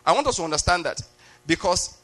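A male preacher with a high, bright voice delivers a teaching sermon. He explains his point patiently and keeps asking the congregation whether they are getting it. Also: animated, quick pace, faint music behind.

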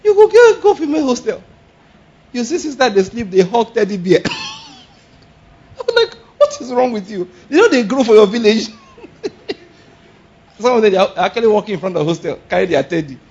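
A man preaching a sermon, animated and often laughing, firing rhetorical questions and shouting exclamations. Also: high voice, moderate pace, pauses often, husky. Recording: dull lo-fi sound.

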